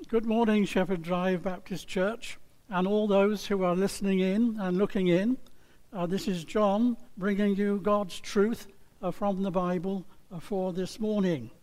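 A man with a notably high voice opens a sermon in a folksy way, full of "uh"s and light jokes. He talks slowly, and his voice carries a long reverb, as if filling a large hall. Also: steady tone, a little mellow. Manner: folksy, with many fillers and small jokes. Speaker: pastor.

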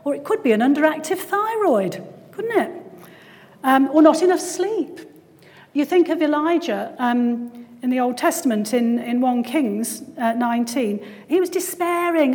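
A woman's voice: high-pitched, lively intonation, a little slow, a little mellow, big-room sound. A woman giving a conversational church talk, often tagging her points with questions. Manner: conversational, frequent tag questions. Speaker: Christian speaker and GP.

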